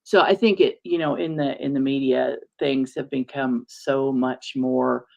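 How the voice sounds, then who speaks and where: A woman with a heavily gravelly, creaky voice talks in a warm, halting conversational way. She pauses often and searches for her words. She sounds like a minister sharing something personal on a talk show. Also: a bass voice, steady tone. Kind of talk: casual heartfelt conversation.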